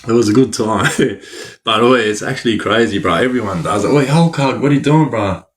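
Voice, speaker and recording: A man's voice: medium pitch, fairly quick. A man livestreaming, telling rambling stories to his chat in heavy slang and laughing often. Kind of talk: casual storytelling to a live chat.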